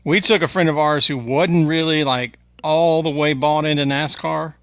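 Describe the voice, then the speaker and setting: A man with a bright, forceful voice chats on a podcast, laughing often as he spins animated stories. His pitch sits a little high for a man, and the sound is close and dry. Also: moderate pace, dry recording. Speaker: podcast co-host. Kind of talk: casual chat.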